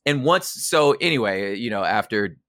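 Middle-aged guy on a podcast, slangy, bright forceful voice, dry sound, acts out every line. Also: fairly low pitch, moderate pace, dry recording. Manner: animated, slangy, acts out quotes. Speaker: podcast guest. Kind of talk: casual storytelling.

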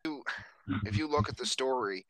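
A man's voice: medium pitch, normal speed, fairly bright tone, no echo. A man on a podcast ranting in casual chat, swearing a lot. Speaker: podcast co-host.

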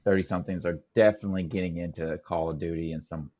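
A man's voice: sits low, steady tone, fast talker, warm tone, highs cut off. A man co-hosting a casual podcast chat, easygoing and hesitant, with many ums and restarts. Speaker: podcast co-host.

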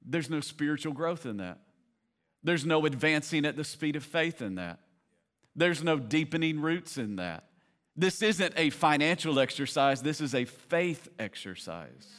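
A man's voice: a little high, expressive, unhurried, fairly bright tone. A man in his thirties preaching a sermon as a pastor, conversational and building to passionate emphasis.

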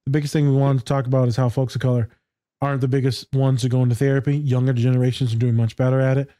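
A man's voice: medium pitch, level tone, very fast, warm tone, no room sound, clean studio sound. A man co-hosting a casual podcast chat as a therapist, talking candidly with swearing and laughter. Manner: candid, swearing, laughing, acts out quoted voices. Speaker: co-host, therapist.

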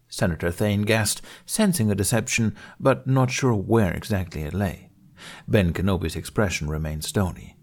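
A man with a fairly low voice reads a fan fiction story aloud. His narration is steady and even, and it moves calmly from line to line. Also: moderate pace. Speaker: audiobook reader.

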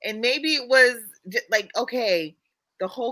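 A woman's voice: on the high side, very animated, moderate pace, bright, forceful tone, poor audio. A woman co-hosting a casual reality-TV recap podcast, rambling and breaking into laughter as she talks. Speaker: podcast co-host.

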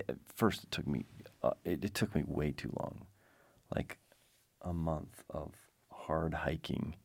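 Man, very low gravelly voice, unhurried storyteller, dry wit, wandering asides. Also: a little mellow, no room sound. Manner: wry, self-deprecating humor; digressive, frequent restarts. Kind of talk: rambling personal anecdote.

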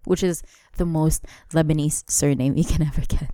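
A woman's voice: deep voice, moderate pace, dry recording, studio quality. A woman in her late twenties from Dubai, co-hosting a casual chat and telling stories with frequent laughter. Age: 20s. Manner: laughs often, animated storytelling. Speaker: podcast co-host.

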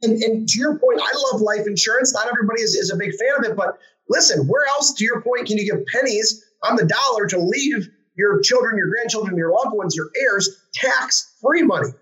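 A man's voice: sits high, a little fast, fairly bright tone, lo-fi sound. A man hosting a finance interview, enthusiastic and talkative, with many restarts and fillers. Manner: enthusiastic, filler-heavy, restarts, asks long questions. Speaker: host of a finance show.

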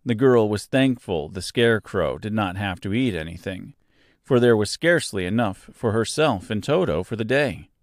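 A man narrating a children's storybook aloud as a podcast host, in a slow, expressive storytelling manner. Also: on the low side, no echo, studio quality.

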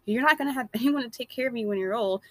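A woman's voice: on the high side, fast, dry recording. A woman delivering a blunt, emphatic opinion monologue.

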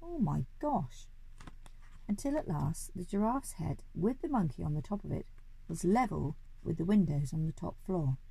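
A woman's voice: on the low side, expressive, normal speed, creaky, warm tone, slightly rough, rough recording. A woman reading a children's story aloud expressively, now and then correcting small slips.

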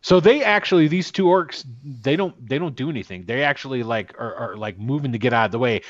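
Running a tabletop game as game master, a man with a mid-range voice narrates casually at a quick pace, animated and swearing as he acts out the orc guards. The audio has no echo but sounds dull.

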